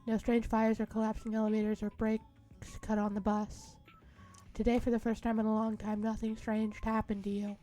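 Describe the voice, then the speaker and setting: A woman reading a visual novel's narration aloud in a hushed, dramatic way during a casual let's-play, with faint music behind her. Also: on the high side, completely flat delivery, normal speed.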